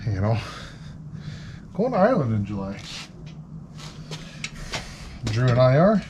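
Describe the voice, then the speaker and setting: A man's voice: medium pitch, very animated, takes it slowly, muffled recording, background noise. A man hosting a repair vlog, chatting casually and joking while he works on a car in a garage. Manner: joking, playful asides. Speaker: mechanic host. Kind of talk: casual talk while working.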